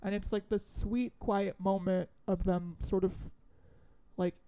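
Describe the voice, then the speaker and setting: A woman in easy conversation, retelling a film's plot with lively quoted dialogue and frequent laughter. Her voice sits in a middle range with noticeable vocal fry. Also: mid-range voice, unhurried. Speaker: podcast co-host. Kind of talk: casual chat recapping a movie.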